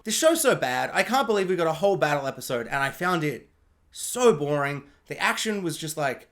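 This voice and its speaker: A show reviewer in a casual rant, sarcastic and animated, often slipping into mock quotes. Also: medium pitch, brisk.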